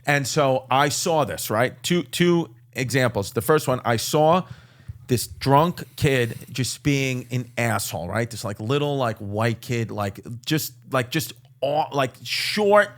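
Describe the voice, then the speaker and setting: A man's voice: medium pitch, animated. Joking man rambling in casual chat. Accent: New York. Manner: joking, rambling, quick asides. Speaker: podcast host. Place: green room.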